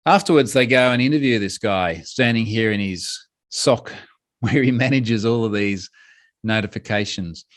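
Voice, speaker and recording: A man giving a conference talk, lively and humorous, with quick asides. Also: lowish voice. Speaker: speaker giving a talk on password security.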